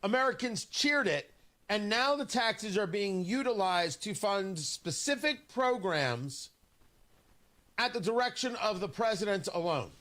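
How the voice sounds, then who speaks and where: High, lively, bright-voiced radio host. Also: male voice, measured pace. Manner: indignant, sarcastic, emphatic. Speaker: radio talk show host. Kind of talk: opinionated talk radio monologue. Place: radio studio. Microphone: studio microphone.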